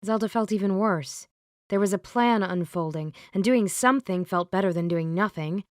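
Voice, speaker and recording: A woman narrating an audiobook in an even, measured reading on a close microphone. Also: mid-range voice, no echo. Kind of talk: scripted narration.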